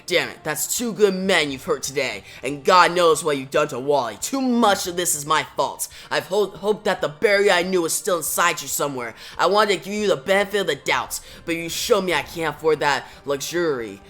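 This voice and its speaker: A stern, tired older male hero speaking gravely, read aloud by a man. The voice is bright, and faint music plays behind it. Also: on the high side, animated, normal speed, hardly any pauses.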